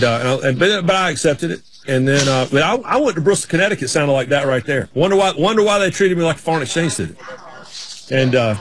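A man, hosting a casual sports talk show and riffing loosely. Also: a little high. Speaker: sports TV host. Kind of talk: casual chat.

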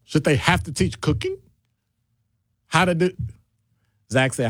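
Animated middle-aged male radio host. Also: moderate pace, long pauses, breathy edge, no echo, clean studio sound. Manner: animated, jokey, shifts pitch for quoted voices. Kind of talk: call-in radio talk.

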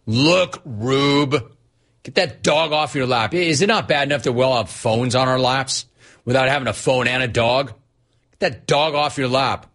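A male talk radio host with a husky edge to his voice, talking at an ordinary pitch for a man. He riffs on his callers with energy and playful exasperation. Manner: energetic, riffing, mock-exasperated.

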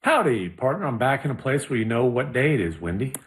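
A man's voice: medium pitch, sing-song, fast, a bit bright. A man co-hosting a podcast, easygoing and laughing as he explains a mix-up. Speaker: podcast co-host. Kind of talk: casual podcast chat.

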